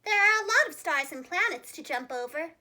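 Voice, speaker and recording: A woman's voice: very high voice, expressive, brisk, sharp tone, full character voice. A woman voicing a cheerful, determined female cow in a storybook read-aloud, earnest and self-assured. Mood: proud.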